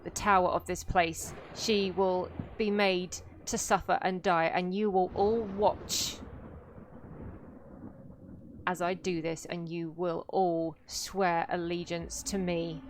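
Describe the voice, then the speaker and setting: A woman doing a gruff tyrant warlord. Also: lowish voice, level tone, unhurried, few pauses, a little hiss or hum, lightly acted. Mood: menacing. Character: gruff male tyrant conqueror, menacing and arrogant.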